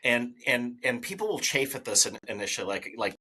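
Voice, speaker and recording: A man's voice: medium pitch, sing-song, brisk, pushed and bright, husky, poor audio. A man hosting a podcast interview, talking in an enthusiastic, rambling way with many restarts. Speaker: podcast host.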